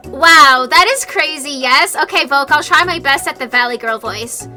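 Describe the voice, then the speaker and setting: A woman's voice: sits high, moderate pace, few pauses, bright, forceful tone, faint music behind. A young woman streaming a dating game, reading its text aloud and joking about it in a playful way.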